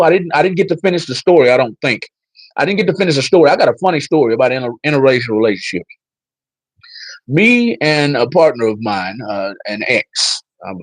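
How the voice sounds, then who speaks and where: A man's voice: mid-range voice, dry recording, low-quality recording. A man hosting a casual livestream, talking straight to his viewers and telling a story. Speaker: livestream host.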